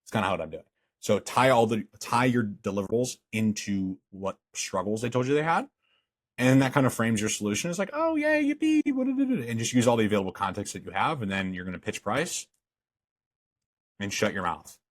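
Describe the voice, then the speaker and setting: A man's voice: lowish voice, brisk, no echo, clean studio sound. Blunt, profane man teaching sales. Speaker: fitness business coach. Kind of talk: course lecture.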